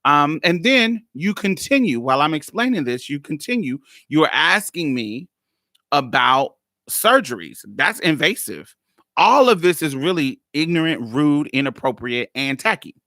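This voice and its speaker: A woman's voice: sits low, big pitch swings, moderate pace, fairly bright tone, no echo, studio quality. A woman podcast host telling a story in a blunt, exasperated way, laughing often and swearing freely. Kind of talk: casual storytelling monologue.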